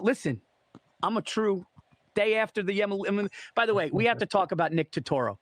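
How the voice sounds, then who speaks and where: A man with a fairly high voice, chatting about sports as a podcast co-host. He gets excitable and swears a lot, and he often repeats himself as he stumbles over his words. His voice sounds dry and close. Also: a little fast, no echo. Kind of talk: casual sports chat.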